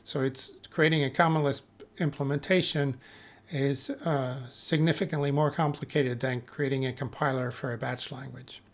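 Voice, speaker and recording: Man giving a measured technical lecture. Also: medium pitch, fairly even intonation. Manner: measured, with frequent filler pauses and self-corrections. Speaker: conference speaker.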